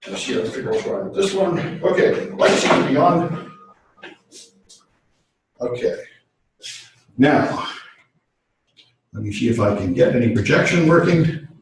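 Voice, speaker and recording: A man teaching a college class mutters casually to himself while fiddling with the speakers and projector to get them working. His voice is on the high side and very animated, at a measured pace with long pauses. He is far from the mic in an echoey classroom, with a little hiss or hum.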